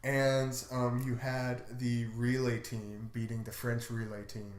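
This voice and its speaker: A man's voice: medium pitch, level tone, slow pace. A man co-hosting a podcast, chatting casually and loosely, with lots of fillers and hedges. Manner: laid-back, hedging with fillers. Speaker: podcast co-host. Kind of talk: casual chat. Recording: roomy echo.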